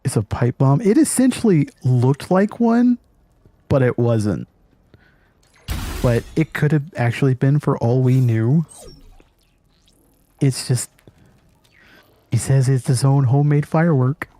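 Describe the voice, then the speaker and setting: A man's voice: medium pitch, animated, a little slow, long pauses, dark tone. A man hosting a gaming channel, telling a story casually, laughing often and swearing freely. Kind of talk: casual storytelling over gameplay.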